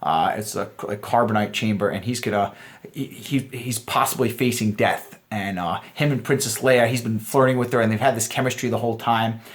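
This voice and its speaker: A man in his thirties giving a casual dating lesson, animated, acting out quoted lines in shifting voices. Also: on the low side, moderate pace. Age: 30s. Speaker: dating coach.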